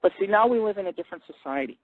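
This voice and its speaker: A male radio host rambling through a crude, profane live monologue, swearing constantly and jumping up in pitch when he gets excited. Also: very fast, dry recording. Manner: excitable, jumps high in pitch on emphasis. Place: hotel in a big city. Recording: tinny phone-line audio, dry.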